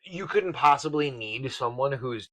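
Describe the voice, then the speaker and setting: A man's voice: mid-range voice, lively intonation, unhurried, a bit bright, no echo, poor audio. A man co-hosting a podcast in a blunt, joking way, swearing casually. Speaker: podcast co-host. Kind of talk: casual chat.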